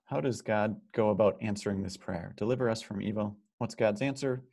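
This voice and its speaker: A man with a somewhat low voice leads a church Bible study. He talks in an easy, conversational way, reading out questions from the group and coaxing them to answer. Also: a little fast, creaky, a little mellow. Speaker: pastor leading Bible study. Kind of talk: informal Bible study teaching.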